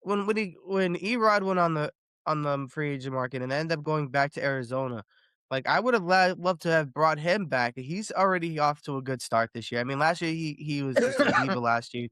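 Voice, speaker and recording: Man, podcast host, slightly high voice, excitable storytelling, dry close sound. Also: fairly quick, clean tone, no room sound. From Boston area. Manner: animated storytelling, swears freely, repeats words. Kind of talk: casual podcast chat.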